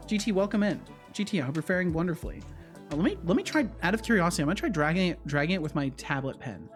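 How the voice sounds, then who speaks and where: A man's voice: high voice, big pitch swings, quick pace, faint music behind. A man streaming as a game developer, chatting casually and thinking aloud with frequent restarts, easily startled. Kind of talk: casual live-coding chat.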